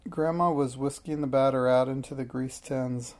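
A reader narrating a children's storybook aloud in a steady, unhurried way, with small slips. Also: mid-range voice.

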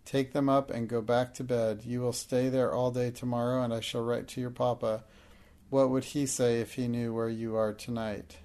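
A man's voice: mid-range voice, level tone, normal speed, a little mellow, clean tone, natural voice. A man reading the part of a stern, furious schoolmistress in an audiobook, harsh and commanding.

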